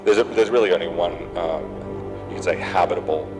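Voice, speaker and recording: A man's voice: sits low, a little fast, music in the background, rough recording. An Australian man, a game developer, giving rambling gameplay commentary with many fillers and side tangents. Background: game sounds and noise.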